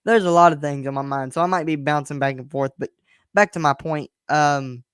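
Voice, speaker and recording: A man's voice: fairly high pitch, steady tone, brisk, smooth, no room sound, clean studio sound. A young man hosting his own podcast stream from his bedroom, talking in a candid, rambling and frustrated way. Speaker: podcast host. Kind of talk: casual solo stream rant.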